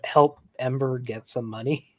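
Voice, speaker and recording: A man at a mid pitch chats casually on a live stream. He hesitates often, stumbling over his first words before he finds the thought. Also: steady tone, a little slow, a little mellow. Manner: hesitant, stammering.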